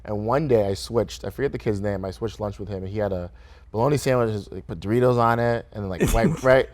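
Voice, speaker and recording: Young man, low-pitched voice, easygoing studio interview guest, laughs often, casual filler words. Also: brisk, darkish tone. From Grand Rapids, Michigan, USA. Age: young adult. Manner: easygoing, laughs often, frequent "right?" and "kinda". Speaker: guest, restaurant owner. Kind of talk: relaxed interview conversation. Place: radio studio.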